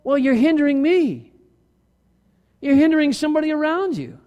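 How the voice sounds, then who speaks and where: A man preaching a sermon as worship leader, conversational and animated, acting out quotes from everyday life. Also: very high voice, long reverb tail. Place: church sanctuary.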